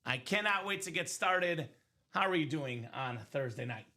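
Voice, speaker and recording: A man with a high, bright voice hosts a live sports memorabilia stream from a studio break room. He hypes every item in energetic sales banter. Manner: energetic, hyping items with quick asides.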